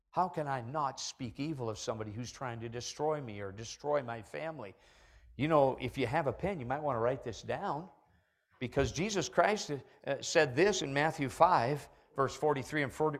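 A middle-aged man preaching a sermon from the pulpit of a church, animated and building to loud, emphatic peaks. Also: a little high. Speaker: pastor. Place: church sanctuary.

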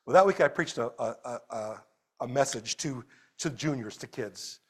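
Speaking at a normal pace in a mid-range voice, a male pastor delivers a lively sermon during a church service. He moves from loud exclamations to quiet stretches of storytelling.

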